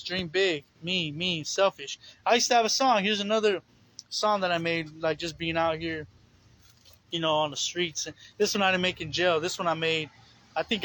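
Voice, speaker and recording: A man's voice: fairly high pitch, a bit bright, a little hiss or hum, poor audio. A man preaching informally outdoors, rambling and earnest, with many fillers. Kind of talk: informal sermon. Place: outdoors on the streets.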